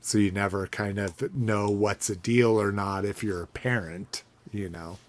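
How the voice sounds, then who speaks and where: A man's voice: on the low side, fairly even intonation, unhurried. A man hosting a casual podcast chat about toy collecting, rambling with fillers and restarts. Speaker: podcast host.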